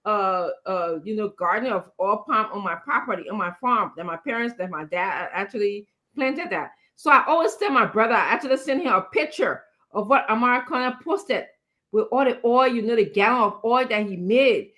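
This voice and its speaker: A woman, speaking in a measured, reflective way in a casual discussion. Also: medium pitch, animated, sharp tone. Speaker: panelist.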